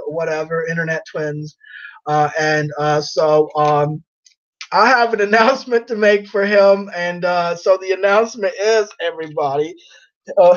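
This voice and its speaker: A man's voice: high voice, muffled recording. A man chatting casually on a livestream in a rambling, teasing way, laughing often.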